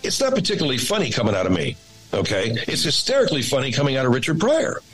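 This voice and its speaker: A radio and voice actor in a casual interview, talking in a rambling, animated way. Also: male voice, mid-range voice, quick pace, slightly rough, soft background music, low-quality recording.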